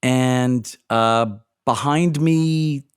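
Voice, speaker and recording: A man co-hosting a podcast, chatting casually in halting phrases full of restarts. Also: medium pitch, clean tone, no echo, clean studio sound. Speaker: podcast co-host. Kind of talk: casual chat.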